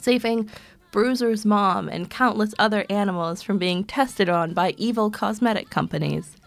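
A young woman with a slight lisp chatting casually as a podcast co-host, jokey and animated, often restarting sentences. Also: mid-range voice, moderate pace, creaky, no echo.

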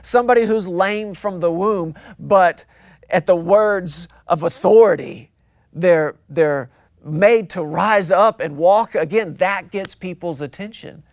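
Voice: medium pitch, slow pace, dry recording, clean studio sound. A pastor preaching a sermon, emphatic and repetitive, drawing out key words for weight.

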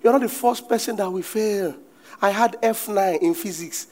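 A middle-aged man with a Nigerian accent, preaching a sermon as a pastor with animated delivery and bursts of shouting. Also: sits high, normal speed.

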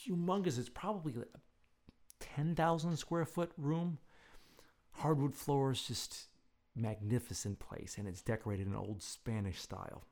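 A man's voice: mid-range voice, a little mellow. A man telling a casual, rambling story with self-deprecating humor. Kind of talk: casual anecdote.

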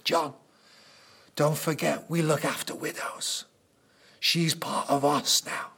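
A man voicing a gentle welcoming Jesus. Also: sits high, measured pace, heavily acted. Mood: tender.

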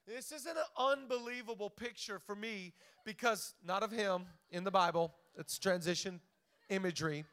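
A young man preaching an energetic, joking sermon to a church crowd, talking fast with lots of "like" and restarts. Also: high-pitched, clean tone. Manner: hyped, quick, lots of "like" and restarts. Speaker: guest preacher.

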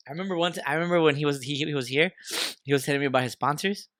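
A man's voice: on the high side, very fast, a bit bright, no room sound. A man co-hosting a podcast in a studio, telling stories in a rowdy, profane, slang-heavy casual chat. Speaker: podcast co-host.

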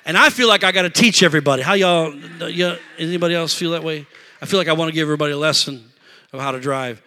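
A middle-aged man preaching a sermon in a church, telling a story in an animated, emotional way and talking straight to the congregation. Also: fairly high pitch, fast talker. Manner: animated, emotional, talks to congregation with "y'all" and "amen". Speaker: pastor. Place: church sanctuary.

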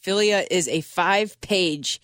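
A woman's voice: fairly low pitch, unhurried, a bit bright, no echo. Woman, podcast co-host, bubbly, laughs a lot, casual chat, dry close sound. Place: studio in Cincinnati.

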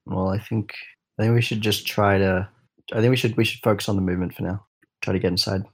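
A man's voice: fairly low pitch, steady tone, fast talker. A man playing a tabletop game, thinking aloud hesitantly with many restarts. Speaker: player. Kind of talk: casual tabletop game play.

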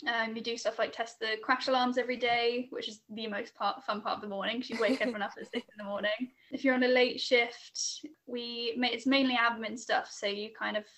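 A woman's voice: fairly high pitch, little pitch movement, a little fast, hardly any pauses, fairly bright tone. A young woman, chatting casually about her work in air traffic control, with many fillers and restarts. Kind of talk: casual interview chat.

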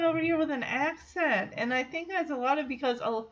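A high-voiced young woman from Michigan talks casually about an episode, laughing often and slipping into the characters' lines. The recording sounds dull and a little lo-fi. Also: brisk, few pauses. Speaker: show reaction vlogger.

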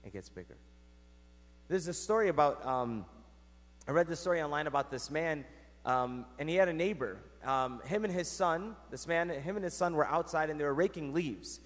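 Priest preaching a sermon, lively storytelling, fairly high voice, echoey church. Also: male voice, normal speed. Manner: animated storytelling with big swings in pitch and volume.

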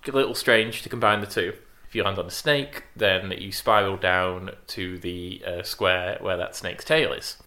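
A British man co-hosting a podcast, chatting casually and breaking into animated, mock-indignant rants. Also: low voice, moderate pace, hardly any pauses. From Britain. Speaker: podcast co-host. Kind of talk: casual chat.

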